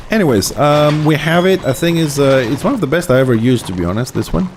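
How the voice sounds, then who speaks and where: A man's voice: mid-range voice, very animated, normal speed, darkish tone, a little hiss or hum. A man with a slight lisp streams a game live and talks in English, which is not his first language. His manner is chatty and easygoing, and he stops to explain things to his viewers as he plays. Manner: non-native English speaker. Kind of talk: casual live-stream commentary.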